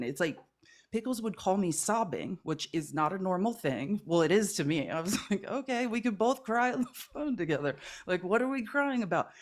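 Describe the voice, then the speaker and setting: A woman guest in a casual conversation, telling a personal story in an earnest, rambling way with many fillers. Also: fairly low pitch. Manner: earnest, rambling, heavy use of 'like'. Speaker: guest creator.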